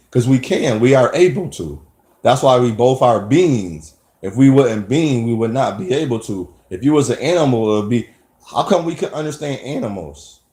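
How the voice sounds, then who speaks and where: A man's voice: mid-range voice, darkish tone. Man rambling in an echoey room. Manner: emphatic, rambling, frequent restarts. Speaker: vlogger. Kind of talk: personal monologue.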